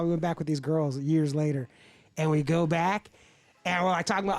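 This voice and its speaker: A man's voice: a little high, brisk, a little mellow. A man hosting a casual podcast, telling a wild story with lots of laughter and swearing. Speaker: podcast host.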